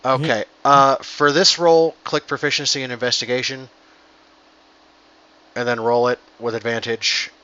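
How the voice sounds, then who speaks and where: A man's voice: medium pitch, little pitch movement, moderate pace, sharp tone, smooth, lo-fi sound. A man running an online tabletop game as game master, talking casually with many fillers and explaining the rules.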